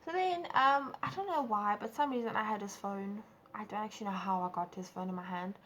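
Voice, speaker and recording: A young woman with a South African accent telling a storytime vlog, animated and acting out quotes. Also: a little fast, slight background noise. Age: young adult. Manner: animated, acts out quotes with big pitch jumps. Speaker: vlogger. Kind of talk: casual storytime.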